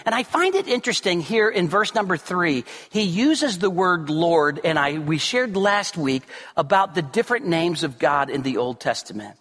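A man preaching a sermon as pastor, earnest and emphatic, rising to near shouts and dropping low and quiet. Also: expressive, moderate pace, long reverb tail.

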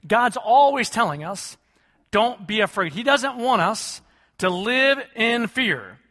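A man's voice: high voice, sharp tone, long reverb tail. A man preaching a sermon, questioning his congregation and calling for answers. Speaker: pastor.

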